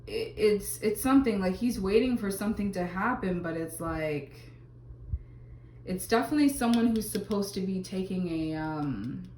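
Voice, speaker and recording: A woman's voice: medium pitch, lively intonation, moderate pace, a little mellow, roomy sound, a little hiss or hum. Chatty woman reading tarot. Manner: chatty, lots of fillers and exclamations. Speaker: tarot reader. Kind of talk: casual tarot reading to camera.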